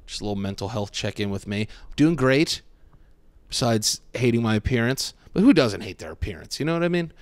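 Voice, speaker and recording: A young man with a fairly low voice riffs through a comic monologue. He sounds mock-wounded and self-deprecating and swears a lot. The sound is dry and close, with no room echo. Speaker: podcast host. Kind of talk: comedic podcast monologue.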